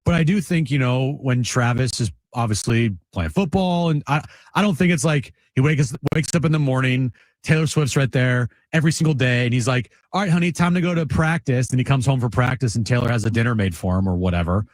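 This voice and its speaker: A man co-hosting a sports talk show, telling relaxed stories in casual chat. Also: medium pitch, a little fast, hardly any pauses, no room sound.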